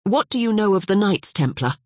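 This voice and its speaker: A narrator voicing a restless male lawyer bantering with an old friend in brisk, friendly talk. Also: mid-range voice, very animated, dry recording, clean studio sound, voice pushed up.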